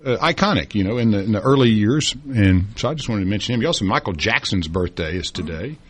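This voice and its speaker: A man's voice: fairly low pitch, animated, fast, fairly bright tone, husky. A man co-hosting a talk radio show, chatting casually about sports and history with folksy fillers and restarts. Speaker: radio co-host.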